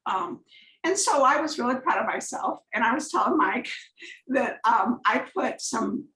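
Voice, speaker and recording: A woman with a somewhat high voice talks through slides on a video call, chatty and rambling, often drifting into personal stories. Her voice sounds roomy and echoey. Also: animated, a little slow, sharp tone, a little hiss or hum. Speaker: guest presenter on a coaching call. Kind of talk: conversational slide presentation.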